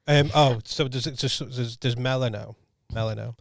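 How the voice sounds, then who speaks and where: A man's voice: medium pitch, steady tone, moderate pace, vocal fry, no echo, clean studio sound. A man, co-hosting a podcast in casual chat, bantering and laughing often. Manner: bantering, laughs often, puts on voices in stories. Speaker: podcast co-host.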